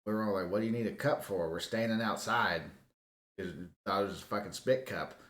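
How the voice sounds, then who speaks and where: A man's voice: fairly low pitch, fairly quick, a bit bright, roomy sound. A man with a Southern US accent, co-hosting a drunken podcast chat, telling stories and teasing with a lot of swearing. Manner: storytelling, heavy swearing, teasing. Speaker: podcast co-host.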